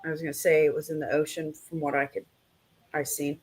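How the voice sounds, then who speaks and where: A woman's voice: deep voice, flat delivery, brisk, darkish tone, breathy edge. Earnest woman psychic. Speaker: psychic reader. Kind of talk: casual live podcast chat.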